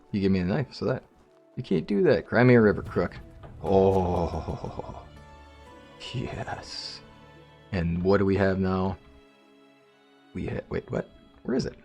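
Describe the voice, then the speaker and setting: Gravelly low-voiced man rambling over gameplay. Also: darkish tone. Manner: rambling, jokey, talks to viewers. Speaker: let's play host. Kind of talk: casual gameplay commentary.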